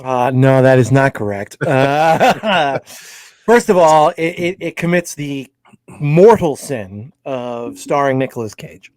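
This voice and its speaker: A man's voice: mid-range voice, animated, slow pace, a little mellow, no echo. A man co-hosting a casual film debate, blunt and emphatic, laughing at his own jabs. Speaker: co-host and film critic.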